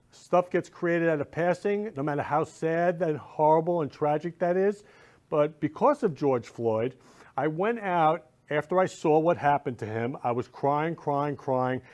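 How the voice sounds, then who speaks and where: A male host speaks in a slightly high voice, gushing and effusive as he rambles on to his viewers. His talk is loose and emotional, full of warm declarations. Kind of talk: casual chat.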